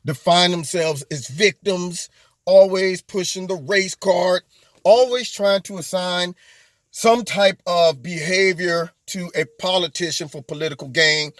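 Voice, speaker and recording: A man's voice: high voice, fairly even intonation, unhurried, fairly bright tone, dry recording. A man hosting a political commentary monologue, mocking and emphatic, with rambling asides. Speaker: host of a political commentary channel.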